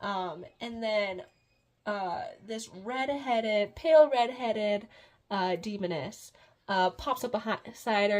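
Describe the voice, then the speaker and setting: A woman's voice: medium pitch, a little slow. A woman recapping a book in a casual, rambling way, with many fillers and giggles. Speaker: book reviewer.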